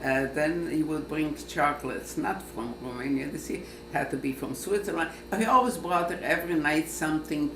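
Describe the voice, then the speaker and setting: A man's voice: a little high, moderate pace, hardly any pauses, background noise. An older man fondly remembering his parents in a nostalgic way. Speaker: interviewee. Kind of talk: reminiscing. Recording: echoey room with crowd.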